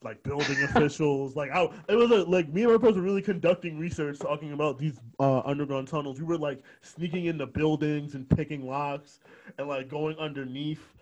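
Speaking fast in a slightly high, darkish voice, this young man tells meandering stories on a podcast and laughs a lot along the way. He's close to a studio mic, though the sound is lo-fi.

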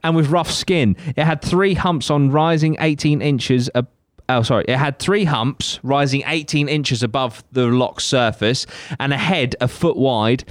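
A man's voice: mid-range voice, measured pace, hardly any pauses, no room sound. A young man co-hosting a podcast, chatting casually and swearing a lot as he reads out facts. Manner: sweary, animated, jokey. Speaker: podcast co-host. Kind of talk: casual chat, reading out facts.

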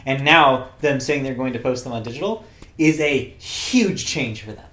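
A man's voice: medium pitch, lively intonation, normal speed, fairly bright tone, roomy sound. A man hosting a casual movie podcast, chatty and upbeat with lots of fillers. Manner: chatty, upbeat, laughs easily, frequent fillers. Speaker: podcast host.

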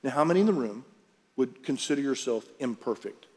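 A man's voice: mid-range voice, expressive, a little fast, a little mellow, slightly rough. A man preaching a sermon to a congregation, chatty and direct, asking the room questions. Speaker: pastor. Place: large church auditorium. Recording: reverberant hall with faint music.

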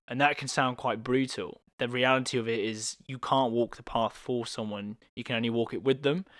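A man's voice: mid-range voice, fairly bright tone, dry recording. A man from England hosting a podcast interview, reflecting aloud in a supportive way. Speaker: podcast host. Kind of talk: casual interview.

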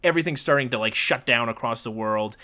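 A man's voice: medium pitch, quick pace, sharp tone. A man co-hosting a casual movie podcast, recapping scenes in a loose, profane way and laughing often. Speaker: podcast co-host.

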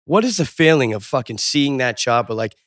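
Loose, profane man at mid pitch. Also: animated, fairly quick, a bit bright, no room sound, studio quality. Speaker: podcast co-host. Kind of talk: casual crude chat.

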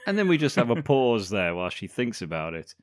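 Jokey male podcast co-host, low voice, animated intonation. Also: fairly quick, no echo, studio quality. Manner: jokey, laughs often, teasing banter. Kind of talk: casual film review chat.

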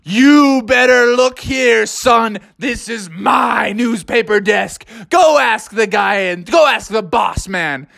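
A man's voice: on the high side, very animated, measured pace, no room sound, clean studio sound. A man doing a hot-headed frog tough guy. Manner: gruff tough-guy talk that softens into apology. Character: hot-tempered male frog, quick to anger.

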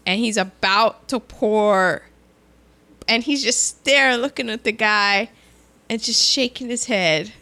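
Slow-talking bright-voiced woman telling a story. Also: fairly high pitch. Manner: animated storytelling, acts out quoted lines, laughs often. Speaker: co-host recapping a film. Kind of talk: casual chat.

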